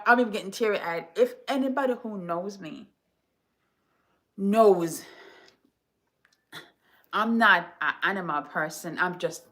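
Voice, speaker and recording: A woman from Jamaica, a home decor vlogger, telling stories to her viewers in an animated, chatty, dramatic way. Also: lowish voice. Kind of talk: casual storytelling to viewers.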